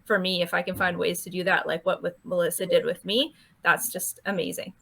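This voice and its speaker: A woman's voice: fairly low pitch, flat delivery, fairly quick, gravelly, pushed and bright, slightly rough. A woman from Canada, a podcast guest, chatting in an earnest way and often laughing. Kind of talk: casual interview chat.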